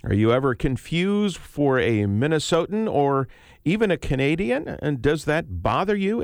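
Lively-voiced male radio host. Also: on the high side, normal speed, no echo, studio quality. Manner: relaxed, conversational, frequent uh fillers. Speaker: radio talk show host. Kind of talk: public radio interview. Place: radio studio. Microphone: studio microphone, close and dry.

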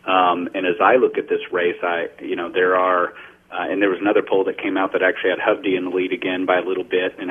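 A man's voice: low voice, husky, phone-quality sound. A man joining a radio panel discussion as a guest columnist, speaking earnestly and repeating words as he searches for phrasing.

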